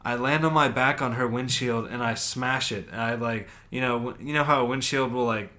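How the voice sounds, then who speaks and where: A man co-hosting a podcast, telling a story in casual chat, animated and swearing a lot as he acts out his own reactions. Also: mid-range voice, fairly quick. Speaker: podcast co-host.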